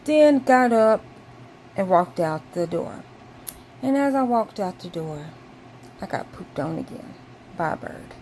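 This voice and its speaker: A woman's voice: lowish voice, big pitch swings, unhurried, pauses often, a little mellow, slight background noise. A woman vlogger casually telling a personal story to camera, with lots of "um" and "like" and bursts of exaggerated indignation.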